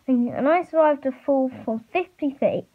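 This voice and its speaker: Timid teen boy read by a woman; high voice, muffled lo-fi recording. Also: normal speed, close to an everyday voice. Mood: nervous. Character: timid teenage boy finding courage.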